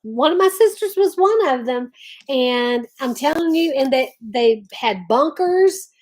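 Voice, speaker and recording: A woman's voice: high voice, lively intonation, a little slow, a little mellow. A middle-aged woman hosting a casual livestream, chatting with viewers, greeting them by name and often restarting her sentences. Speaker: livestream host. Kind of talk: casual live-stream chat.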